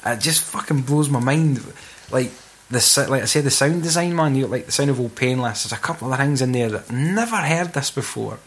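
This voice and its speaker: A man's voice: mid-range voice, brisk. A young Scottish man in casual, sweary conversation about a film. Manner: sweary, laughing, slips into mock voices.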